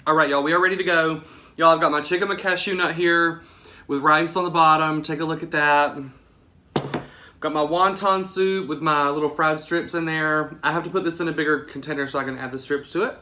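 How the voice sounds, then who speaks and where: A young man with a Southern American accent hosting a solo mukbang vlog, chatty and excited, saying "y'all" again and again. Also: fairly high pitch, brisk, background noise. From Southern United States. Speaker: podcast host.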